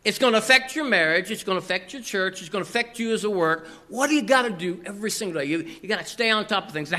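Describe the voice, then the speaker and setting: A man's voice: high-pitched, pushed and bright. A male pastor preaching a sermon, with a habit of tacking "here" onto his sentences and asking the congregation questions.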